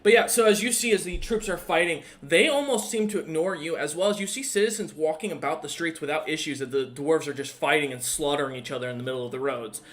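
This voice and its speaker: A man's voice: fairly high pitch, fast, hardly any pauses, a bit bright. A man narrating as dungeon master in a tabletop game, rambling with lots of ums and uhs.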